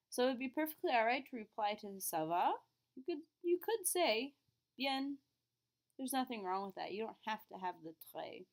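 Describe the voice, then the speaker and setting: A woman teaching beginner French, explaining patiently and modeling phrases with exaggerated rising intonation. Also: mid-range voice. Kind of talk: classroom lesson.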